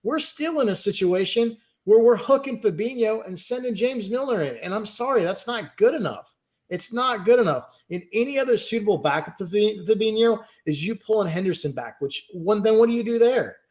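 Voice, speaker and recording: A man's voice: high-pitched, lively intonation, a little fast, a little mellow. A man co-hosting a podcast who talks in a heated, frustrated rant and swears freely. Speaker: podcast co-host. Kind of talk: heated casual podcast chat.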